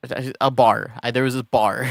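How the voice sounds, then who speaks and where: A man's voice: mid-range voice, a little slow, gravelly, dry recording, studio quality. A man chatting casually while streaming a game, laid-back and rambling, laughing often between thoughts. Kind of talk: casual gaming stream chat.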